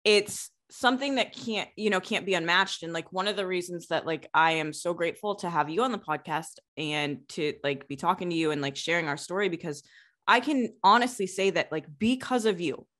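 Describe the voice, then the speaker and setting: A woman's voice: lowish voice, a little fast, fairly bright tone. A woman, a Marine veteran hosting a podcast, talking earnestly in a rambling way. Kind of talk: conversational interview.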